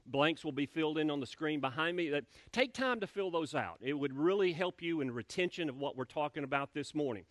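A man's voice: a little high, lively intonation, brisk, hardly any pauses, a bit bright, dry recording. A male pastor preaching a sermon in a church, talking conversationally, repeating words and asking the congregation questions. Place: church sanctuary.

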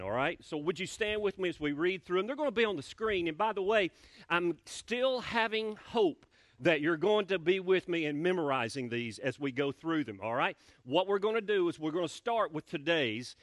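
A man's voice: on the high side, fairly bright tone, no room sound. Guy pastor preaching in church, chatty, keeps asking the crowd stuff, dry close mic. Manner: conversational, repeats words, asks the congregation questions. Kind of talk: sermon. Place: church sanctuary.

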